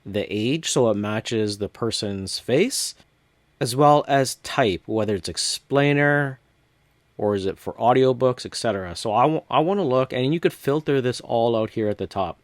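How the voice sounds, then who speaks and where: Male tutorial host, step-by-step casual walkthrough, dry close sound, mid pitch. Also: normal speed, no echo. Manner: relaxed step-by-step narration with casual fillers. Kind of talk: screen-recorded software walkthrough.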